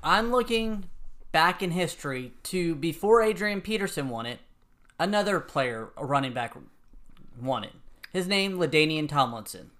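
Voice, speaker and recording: A man's voice: a little high, expressive, moderate pace, fairly bright tone. A man co-hosting a casual sports podcast, giving his opinions in a conversational way. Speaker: podcast co-host.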